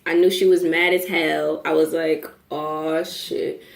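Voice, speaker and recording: Animated young woman in an echoey room. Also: low voice, moderate pace, creaky. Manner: animated, profane, laughs through the telling. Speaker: vlogger telling a story. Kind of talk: casual storytime.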